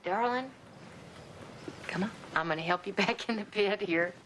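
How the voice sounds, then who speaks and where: An actress playing a caring middle-aged mother who talks in a soothing, firm and gentle way. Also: medium pitch, moderate pace, slight background noise, natural voice, poor audio. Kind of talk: television drama acting.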